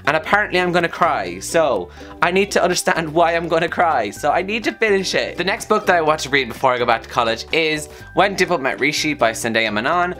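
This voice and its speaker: A man's voice: fairly high pitch, a little fast, soft background music. Upbeat young man with a sore throat. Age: young adult. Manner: upbeat, chatty, excitable. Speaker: book vlogger. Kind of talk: casual chat to camera.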